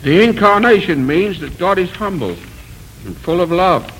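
A man's voice: high voice, expressive, moderate pace, fairly bright tone, a little hiss or hum, low-quality recording. A man preaching a sermon in an earnest, rhetorical manner, building emphasis through repeated phrases. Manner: self-deprecating asides.

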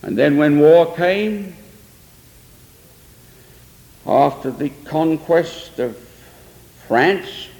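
A man's voice: on the high side, animated, drawn-out words, vocal fry, pauses often, a little mellow. An older man preacher telling a story in an earnest sermon, with emphatic swells. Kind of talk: sermon testimony. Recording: long echo of a large hall.

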